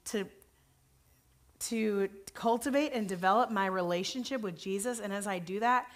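A woman of average pitch speaking as a pastor in a frank, informal conversation. Her delivery is casual and full of little conversational fillers. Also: normal speed. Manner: candid, informal, uses "like" and "you know" often. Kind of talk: conversational faith talk.

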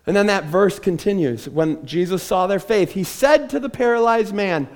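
Man, pastor, sermon, high voice, wide-ranging lively pitch, animated storytelling. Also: moderate pace. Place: church stage.

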